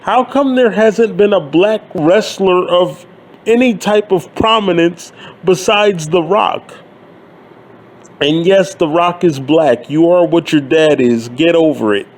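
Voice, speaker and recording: A man in his thirties delivers a profane, sarcastic rant in a fairly high voice. He talks slowly and bluntly, leaning into each complaint. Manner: blunt, sarcastic, swears freely. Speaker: wrestling commentary YouTuber. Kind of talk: profane ranting monologue.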